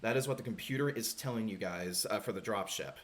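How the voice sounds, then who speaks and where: A man running a tabletop game as game master, narrating in a halting way with many fillers. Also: fairly low pitch. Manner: halting, full of fillers and restarts.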